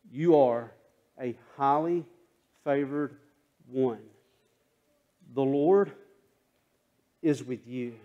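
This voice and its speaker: A male pastor preaching a sermon in a church, using call and response and swinging between hushed and impassioned delivery. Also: on the high side, muffled recording. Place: church sanctuary.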